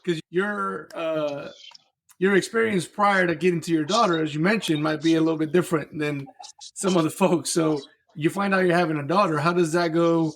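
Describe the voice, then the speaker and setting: A man's voice: a little high, fairly even intonation, moderate pace, a bit bright. A man co-hosting a podcast, asking questions and steering the guest's story. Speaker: podcast co-host. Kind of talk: interview questions.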